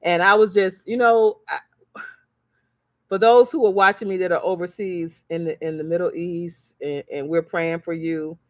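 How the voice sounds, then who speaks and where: Her voice sits on the lower side, with fairly even intonation and a normal speed, recorded at studio quality without room sound. The woman, a crafts seller and vlogger, gives a motivational livestream full of animated stories, impersonated voices, and preacher-like repetition for emphasis.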